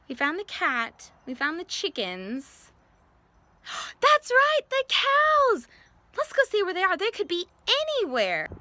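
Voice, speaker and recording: A young woman teaching kindergarten, singing and talking in an animated, exaggerated way with gasps and cheers. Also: high-pitched. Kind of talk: sing-song lesson for young children. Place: outdoors on a farm.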